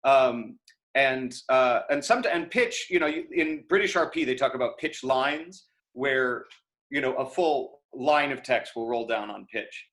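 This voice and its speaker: An acting teacher on a video call answers questions typed into the chat. His medium-pitched, somewhat bright voice moves a little slowly, and his casual, talkative replies come with many fillers and restarts as he reasons out loud in this live online Q&A.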